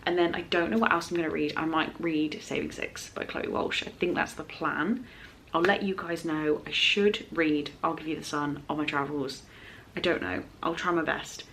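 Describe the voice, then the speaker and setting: A woman's voice: deep voice, fairly even intonation, moderate pace, creaky, a bit bright, a little hiss or hum. A woman chatting casually in a book vlog at home, rambling with fillers and self-corrections. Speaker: book vlogger. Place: home, indoors.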